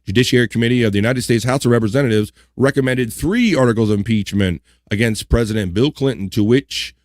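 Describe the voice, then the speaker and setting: A man hosts a live online talk show at a mid pitch. He reads out on-this-day history items and drops relaxed, joking asides between them. The sound is dry and close. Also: fast, no echo. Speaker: livestream host. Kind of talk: casual chat reading on-this-day history.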